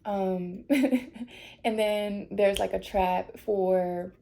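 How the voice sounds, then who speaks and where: A woman speaks to her viewers during a tarot reading, her voice gravelly and mellow. She is emotional and close to tears, laughing it off and reassuring her audience that everything will be okay. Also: medium pitch, fairly even intonation, very slow. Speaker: tarot reader.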